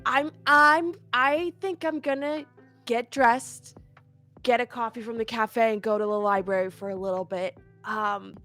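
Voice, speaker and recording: A woman playing a sleepy young woman in a tabletop role-play, slightly high voice, drowsy and gently coaxing, careful with her friends. Faint music runs underneath. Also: steady tone, unhurried. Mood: soothing.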